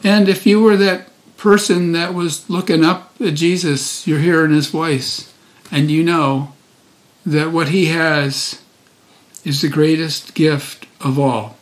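A man's voice: a little high, fairly even intonation, slow pace. Folksy older man giving a homily. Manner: chatty and folksy, many fillers and restarts. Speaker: deacon. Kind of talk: informal daily gospel reflection.

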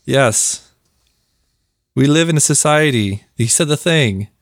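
Excitable podcast host man, dry close sound. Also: mid-range voice, takes it slowly, no echo. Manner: excitable, laughs often, rambling with fillers. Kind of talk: casual podcast chat.

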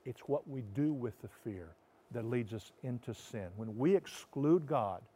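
A man, a pastor, preaching a sermon. He swings from loud emphatic lines to soft, slow, hushed passages. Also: medium pitch, expressive, husky.

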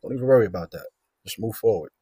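A man as a podcast guest, offering gentle, reassuring advice. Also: fairly low pitch, very fast, slightly rough, no room sound. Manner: reassuring and encouraging. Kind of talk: casual podcast conversation.

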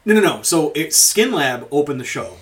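A man's voice: a little high, sing-song, normal speed. Rambling, swearing man chatting casually. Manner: rambling, swearing, laughing often. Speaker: podcast host. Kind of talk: casual chat.

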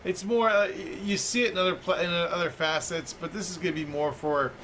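A man's voice: high-pitched, steady tone, brisk, fairly bright tone, a little hiss or hum, rough recording. A man, a guest on a podcast, giving brief replies and short explanations in casual interview chat. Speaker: guest, media company founder.

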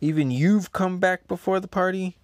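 Man doing gruff pirate emperor, raised voice, dry close mic. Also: high-pitched, fairly even intonation, normal speed, dry recording, pitched above the performer's own voice, close to an everyday voice.

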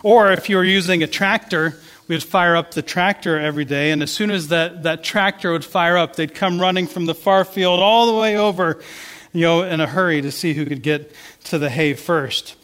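Male pastor, conversational storyteller, fairly high voice, reverberant church hall. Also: normal speed, a bit bright. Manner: storytelling, conversational with many restarts. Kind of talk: sermon.

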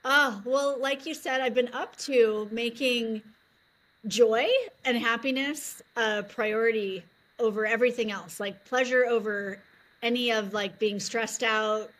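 A woman's voice: a little high, steady tone, unhurried, a bit bright, low-quality recording. A woman in her thirties, a guest on a podcast, chatting in a bubbly way, laughing easily and saying "like" a lot. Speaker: podcast guest, energy coach. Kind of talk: casual interview chat.

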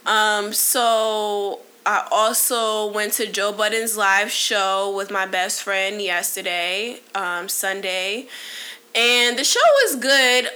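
A woman's voice: medium pitch, pushed and bright. A woman in her late twenties hosting a solo podcast, talking candidly in a rambling, casual way with many fillers and restarts. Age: 20s. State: briefly emotional. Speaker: podcast host.

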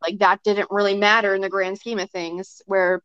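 A young woman talks casually as a podcast guest, at a middle pitch. Her talk is loose and full of fillers and quick acted-out quotes. The recording is dry and a little dull. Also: little pitch movement, a bit bright, clean tone, dry recording. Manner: chatty, filler-heavy, often acts out quotes. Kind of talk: casual chat. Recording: dry, slightly dull sound.

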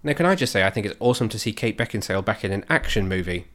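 A man's voice: lowish voice, expressive, rapid-fire, fairly bright tone. A man hosting a podcast, chatting casually and jokily about film news and trailers. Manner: chatty, joking, rattles off news. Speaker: podcast host.

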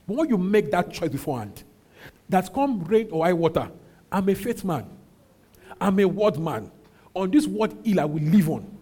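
A pastor preaches a sermon in a husky, mellow voice pitched a little high for a man. He drives his points home through repetition, swelling into loud calls and sinking into low, slow asides.

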